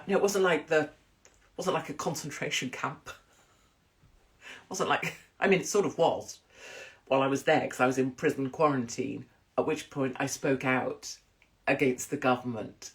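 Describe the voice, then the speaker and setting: A woman in a casual monologue, telling blunt, profane, rambling stories. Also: rumbling low. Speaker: commentator.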